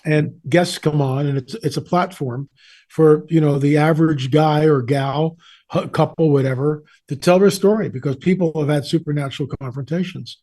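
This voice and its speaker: A man's voice: fairly high pitch, moderate pace, a little mellow. An older man, a guest on an interview show, telling stories in a conversational way, rambling a little as he goes. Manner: conversational, with rambling asides and restarts. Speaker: guest, author on the supernatural. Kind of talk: casual storytelling interview.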